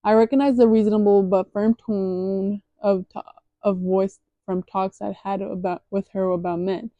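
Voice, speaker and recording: A woman's voice: medium pitch, flat delivery, unhurried, no echo, lo-fi sound. A young woman casually reading a novel aloud as an amateur audiobook, stumbling over words and stopping for chatty asides.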